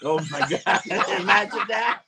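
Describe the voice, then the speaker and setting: A young man co-hosting a casual podcast, excitable and profane, often breaking into exclamations. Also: high voice, a little slow, very noisy. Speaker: podcast co-host. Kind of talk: casual wrestling chat.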